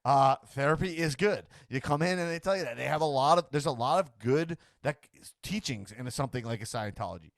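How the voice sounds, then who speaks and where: A man's voice: mid-range voice, brisk, few pauses, no echo, studio quality. A man hosting a casual talk show, rambling with lots of restarts and stammered repeats, and acting out other people's voices in the middle of his sentences. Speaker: podcast host. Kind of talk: casual chat.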